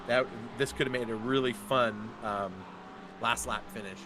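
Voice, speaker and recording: A man giving chatty, excitable live commentary on a sim race. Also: medium pitch, background noise. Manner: chatty, excitable, quick to laugh.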